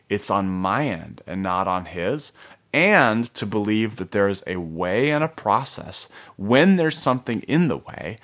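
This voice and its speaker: Reflective man telling a faith story, lower voice. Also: fairly bright tone. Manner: reflective, hesitant with many fillers and restarts. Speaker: speaker sharing faith testimony. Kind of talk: personal testimony.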